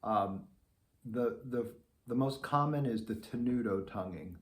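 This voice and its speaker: A middle-aged trombone teacher with a lowish, expressive voice gives a beginner an instructional lesson at a moderate pace. He is patient and sounds out the articulation syllables aloud.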